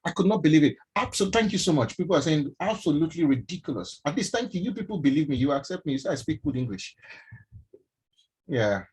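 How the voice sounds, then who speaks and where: A middle-aged Nigerian man with a Nigerian accent, a doctor telling a personal story to an online audience in an emphatic, animated way. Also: a little high, fast, husky, low-quality recording. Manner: emphatic, animated, addresses listeners directly. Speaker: doctor and mentorship speaker. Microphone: online stream from home.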